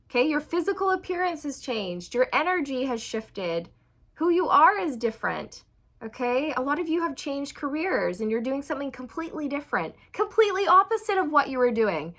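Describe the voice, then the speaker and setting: A woman reading tarot for her viewers. She sounds excitable and encouraging, speaks straight to the viewer, and often breaks into squeals and laughter. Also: high voice, brisk. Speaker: tarot reader.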